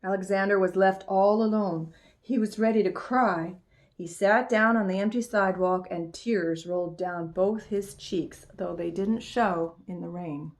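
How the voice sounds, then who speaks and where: A woman calmly reading a children's book aloud, in an expressive storyteller's voice. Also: mid-range voice, unhurried. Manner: calm, expressive read-aloud voice.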